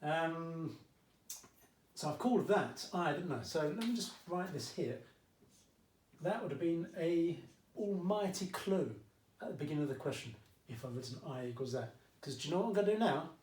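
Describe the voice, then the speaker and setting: A man's voice: a little high, lively intonation, moderate pace, a little mellow, recorded from a distance. A man with an Essex accent teaching maths in a casual, jokey video lesson, often checking in with "okay?". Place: at home during lockdown. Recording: echoey room, mic set back.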